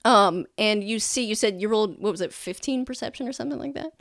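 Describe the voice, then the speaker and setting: A woman's voice: medium pitch, fast talker, creaky, no echo, clean studio sound. A woman narrating a tabletop game as game master, loose and full of fillers.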